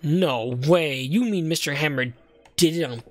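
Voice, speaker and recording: A man voicing an excitable young female sidekick in a video game, in a raised, eager voice. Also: fairly high pitch, unhurried, no echo, soft background music, close to an everyday voice. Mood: excited.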